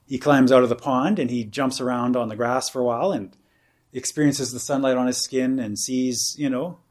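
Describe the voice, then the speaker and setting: A man's voice: mid-range voice, steady tone, normal speed, darkish tone. A man teaching meditation at a retreat, speaking in a casual, rambling way with many fillers such as "you know" and "like". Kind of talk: informal dharma talk at a retreat.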